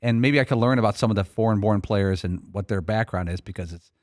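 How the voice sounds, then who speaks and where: A man with a fairly low voice talks casually on a sports radio show, reminiscing about past drafts. His studio mic sounds dry and close. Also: quick pace, a little mellow, no room sound. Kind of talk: sports talk radio chat. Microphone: studio microphone.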